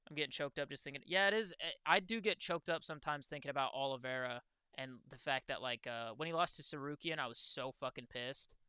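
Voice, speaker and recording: A young man streaming, chatting casually and excitedly, swearing freely and talking to his viewers. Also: medium pitch, fast talker, hardly any pauses, clean tone, no echo. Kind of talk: casual livestream chat.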